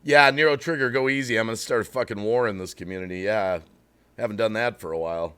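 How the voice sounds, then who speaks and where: A man's voice: fairly low pitch, fast talker, fairly bright tone, clear, resonant tone. A man hosting a live stream, ranting bluntly to his chat and breaking off to apologize for getting worked up. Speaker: livestream host.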